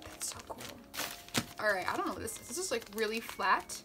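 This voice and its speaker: A young woman vlogging as she unboxes gifts, chatty and gushing with excitement. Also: on the high side, brisk, music in the background. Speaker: book vlogger. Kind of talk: casual unboxing vlog.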